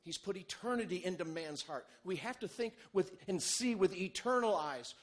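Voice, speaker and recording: A male pastor preaching a sermon, animated and humorous, moving between loud bursts and quiet, low asides. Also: husky. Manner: animated, humorous preaching with big swings in loudness.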